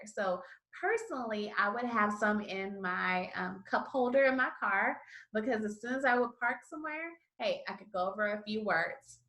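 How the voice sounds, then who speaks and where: A woman teaching a Spanish lesson, calmly modeling syllables for learners to repeat. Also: mid-range voice, roomy sound. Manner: slow, encouraging, models syllables for repetition. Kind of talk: online language lesson.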